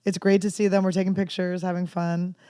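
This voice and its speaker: A woman comedian in her thirties telling candid, rambling stories with dark jokes in a casual podcast chat. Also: on the low side, flat delivery, brisk, clean tone, dry recording, studio quality. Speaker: comedian guest.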